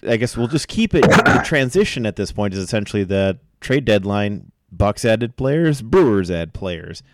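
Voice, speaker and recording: Guy cohosting a sports podcast, kinda low voice, jokey, dry close sound. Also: sing-song, moderate pace, dry recording. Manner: joking, laughs often. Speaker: podcast co-host. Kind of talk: casual sports chat.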